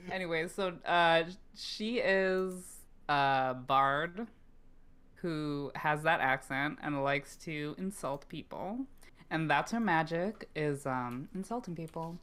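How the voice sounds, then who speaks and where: A man's voice: a little high, slow, bright, forceful tone, clear, resonant tone. A man who is a former co-host, now a player, talking in a sassy, drawling way. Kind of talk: casual chat.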